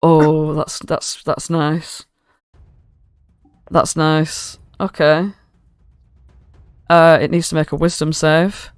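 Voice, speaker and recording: A woman narrates a tabletop game as game master in a loose, chatty way, swearing and stopping for fillers. Her voice is smooth and clear. The mic is close and dry. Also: low-pitched, flat delivery, slow, pauses often, dry recording, faint music behind. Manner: casual and swearing, with many fillers. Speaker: dungeon master.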